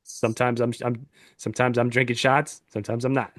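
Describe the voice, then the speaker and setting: A man's voice: medium pitch, little pitch movement, a little fast, fairly bright tone, no room sound, studio quality. A man co-hosting a podcast, laid-back and jokey, mostly giving short replies. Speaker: podcast co-host. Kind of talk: casual chat.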